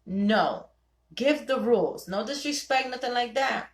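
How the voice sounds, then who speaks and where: A young woman hosting a ladies' night call, giving animated, preachy advice and quoting her husband in voices. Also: a little high, a little slow, roomy sound. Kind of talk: casual talk to listeners.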